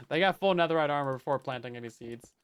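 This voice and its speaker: Smooth, fairly high-pitched and fairly quick, this man narrates his Minecraft build as casual gameplay commentary. He's chatty, makes self-deprecating jokes, and talks to chat as he works.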